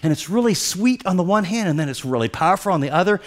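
Animated high-voiced male preacher. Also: fast talker, hardly any pauses. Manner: dramatic storytelling, swings from hushed to excited. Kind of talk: sermon.

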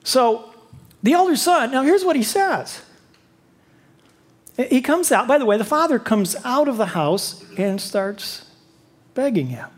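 A man's voice: very high voice, very animated, unhurried, long pauses. A man preaching a sermon, telling a story with rhetorical questions.

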